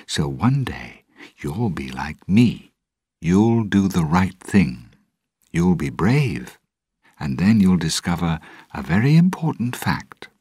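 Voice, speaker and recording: Man doing a principled young lady, raised husky voice, earnest, slow. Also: very animated, darkish tone, dry recording, studio quality, full character voice. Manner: earnest, reproachful, raised higher. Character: young woman, proper and principled.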